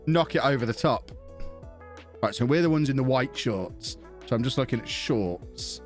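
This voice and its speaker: A man's voice: medium pitch, lively intonation, normal speed, faint music behind. A man casually commentating on his own football management game on a live stream, chatty and self-mocking as he thinks aloud and thanks subscribers.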